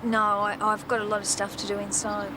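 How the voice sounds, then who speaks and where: A woman's voice: mid-range voice, completely flat delivery, brisk, noisy background, close to an everyday voice. An actress playing a curt, guarded woman neighbour.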